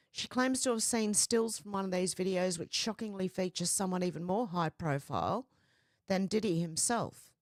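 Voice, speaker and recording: Chatty woman, slightly croaky. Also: mid-range voice, no echo, clean studio sound. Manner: chatty, greets viewers by name. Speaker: livestream host. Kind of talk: casual livestream chat. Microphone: headphones with mic.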